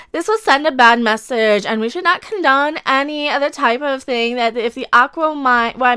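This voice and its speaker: A woman voicing a mocking airheaded young Valley Girl with a breathy sing-song whine. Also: sits high, bright, forceful tone, no echo, voice pushed up.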